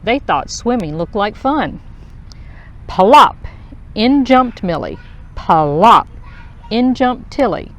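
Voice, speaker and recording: A woman reading a children's picture book aloud in a slow, expressive storytelling voice. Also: on the high side.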